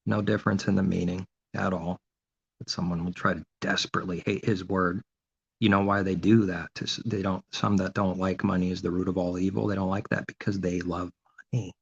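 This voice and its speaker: Guy preaching, low gravelly husky voice, keeps asking himself questions, muffled lo-fi sound. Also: flat delivery, fairly quick. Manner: asks and answers his own rhetorical questions; mocking sarcasm. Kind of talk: informal sermon monologue. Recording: dull lo-fi recording.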